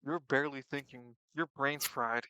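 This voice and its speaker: A young man narrating a tabletop game as game master, animated, swinging between loud and quiet and stumbling over his words. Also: medium pitch, normal speed, very noisy.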